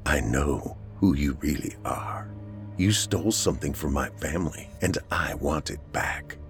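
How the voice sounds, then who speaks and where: Brief: a man reading a determined woman, low-pitched, hushed and accusing. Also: expressive, normal speed, faint music behind. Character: determined, grave woman seeking vengeance.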